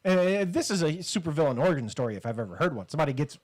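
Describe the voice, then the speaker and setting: A man's voice: fairly high pitch, very animated, very fast, darkish tone. A man co-hosting a comedy podcast, rambling and joking in casual banter. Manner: rambling, joking, with frequent fillers. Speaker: podcast co-host.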